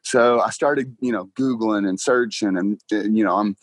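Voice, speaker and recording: A young man, a car salesman guest telling his story in a casual interview, excited and quick to laugh. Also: fairly low pitch, dry recording. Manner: excited, laughs often, talks fast with "like" and "bro".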